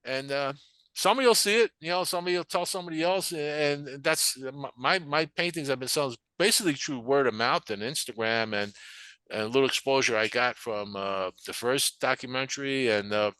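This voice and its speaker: Older new guy rambling through his story, bright forceful voice, dry close sound, does little voices for people he quotes. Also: mid-range voice, brisk, smooth, no echo. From New York. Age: 60s. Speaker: painter and barbershop manager. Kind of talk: casual storytelling interview.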